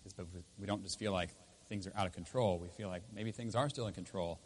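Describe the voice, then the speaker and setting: A man preaching a sermon as pastor in a church, swinging between loud emphatic lines and quiet intense ones. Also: deep voice, fast, a little hiss or hum. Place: church with speakers.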